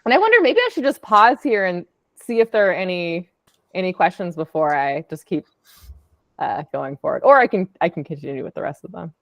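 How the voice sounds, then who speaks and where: A woman's voice: lowish voice, sing-song, a little fast, creaky, no echo. A woman, an audio artist, casually presenting her work on a call in a chatty, upbeat way with lots of fillers. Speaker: podcast producer and audio artist.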